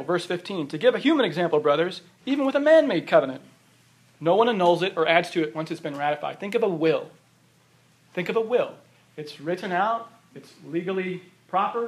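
A man preaching a sermon, emphatic and repeating phrases for stress, his voice going hoarse. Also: high voice. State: losing his voice. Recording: roomy echo of a hall.

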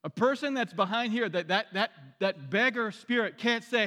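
His voice high and light, this male pastor delivers his sermon conversationally and at ease, at a normal pace with few pauses. He restarts sentences now and then and questions the congregation directly, the sound echoing with a large hall's long reverb.

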